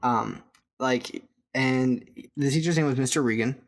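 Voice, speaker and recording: A man's voice: mid-range voice, measured pace. A young man, co-hosting a podcast and telling a rambling, laugh-filled story. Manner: rambling, laughing often, many restarts. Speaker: podcast co-host. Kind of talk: casual storytelling chat.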